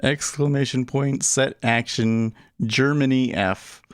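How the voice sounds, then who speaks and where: A man's voice: medium pitch, fairly even intonation, slow, no echo, studio quality. Chatty man hosting a trading livestream. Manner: chatty, thinks aloud while working his trading screen; laughs easily, loose and joking. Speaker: day trading livestream host. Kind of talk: casual live-stream commentary.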